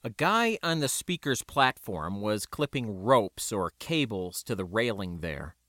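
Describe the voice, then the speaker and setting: A man narrating a first-person story aloud in an expressive reading. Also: on the low side, measured pace, no echo, studio quality. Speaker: audiobook narrator.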